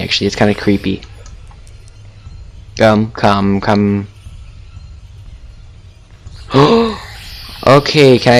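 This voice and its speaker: A man's voice: mid-range voice, vocal fry. A man giving horror game commentary, jumpy and gasping, swearing and taunting the monster. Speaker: gaming video creator.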